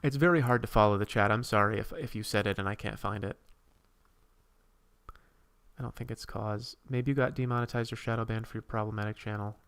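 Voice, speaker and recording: A man's voice: on the low side, fairly even intonation, brisk, fairly bright tone, clear, resonant tone. A man hosting a casual livestream, rambling while he reads and answers viewers' comments and draws. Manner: drawing while talking. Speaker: streamer host.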